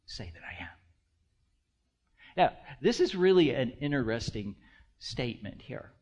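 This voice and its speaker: Husky man in his sixties preaching. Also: mid-range voice. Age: 60s. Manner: animated preaching with rhetorical questions to the congregation; swings between hushed asides and loud emphasis. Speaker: pastor. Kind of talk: sermon.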